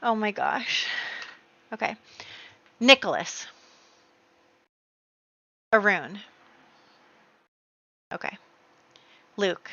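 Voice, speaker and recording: A woman hosting a casual gameplay video, excitable and full of exclamations as she talks to her viewers. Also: medium pitch, extremely slow, pauses often, highs cut off. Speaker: let's play host.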